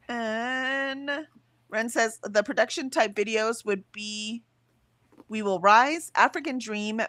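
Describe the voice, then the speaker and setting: A woman's voice: fairly high pitch, no echo. A woman hosting a casual livestream from home, reading out chat comments and chatting with a laugh. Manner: chatty, lively, laughs often. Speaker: livestream host. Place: home, in bed.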